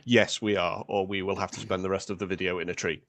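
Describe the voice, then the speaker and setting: A man's voice: low-pitched, little pitch movement, quick pace, fairly bright tone, no echo. A man from England, a guest on a casual chat, talking with dry humour. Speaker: podcast guest.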